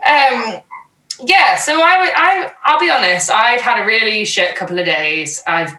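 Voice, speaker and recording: Lively bright woman, roomy. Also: on the high side, unhurried. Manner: animated, sweary storytelling. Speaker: podcast co-host. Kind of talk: casual chat. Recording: roomy echo, faint noise.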